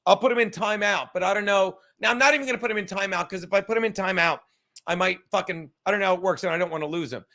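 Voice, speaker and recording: A man hosting a livestream podcast, rambling loudly and swearing as he reads chat comments. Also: high voice, very fast. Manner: loud, rambling, profane, reading chat comments aloud. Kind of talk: casual chat.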